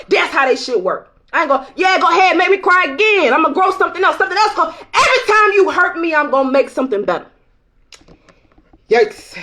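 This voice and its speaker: High-voiced woman giving a blunt, profane pep talk. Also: pushed and bright. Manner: blunt, profane, emphatic, laughs often. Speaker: tarot reader. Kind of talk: casual tarot vlog pep talk.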